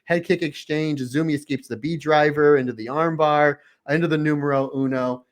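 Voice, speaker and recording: A man co-hosting a podcast in casual chat, talking excitedly and acting out his own reactions with open emotion. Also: a little high, a little fast. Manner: openly emotional. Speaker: podcast co-host.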